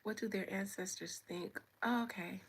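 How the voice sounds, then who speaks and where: A woman's voice: mid-range voice, steady tone, normal speed, slightly rough. A woman hosting a livestream, chatting playfully with viewers and greeting them by name. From United States. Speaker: livestream host. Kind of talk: casual chat with viewers.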